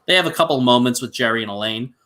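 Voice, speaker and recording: A man's voice: medium pitch, lively intonation, fast talker, pushed and bright. A man co-hosting a podcast in casual chat, blunt and opinionated. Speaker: podcast co-host.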